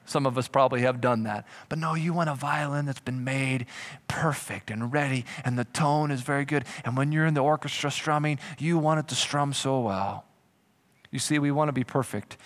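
Animated preaching pastor, higher voice. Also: male voice. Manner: animated preaching with comic voices for imagined people. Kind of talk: sermon. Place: church.

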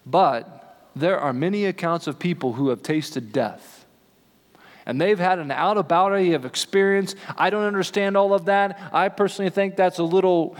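A man preaching a sermon in a relaxed, conversational way, slowing down to stress key lines. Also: a little high. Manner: conversational preaching, slows for emphasis. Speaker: pastor. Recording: long hall reverb.

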